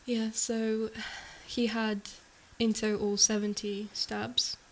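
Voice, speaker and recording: Woman co-host, gravelly and flat, hesitant casual true-crime storyteller. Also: on the high side, takes it slowly, slight background noise, poor audio. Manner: hesitant, full of "like" and "you know".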